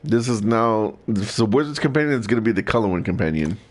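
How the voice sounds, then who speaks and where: Young guy streamer cracking jokes over a game, lively up and down voice, a bit sarcastic. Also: lowish voice, fast, slight background noise. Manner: joking, sarcastic, reads dialogue aloud in a put-on accent. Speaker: streamer playing a video game. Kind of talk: casual game commentary.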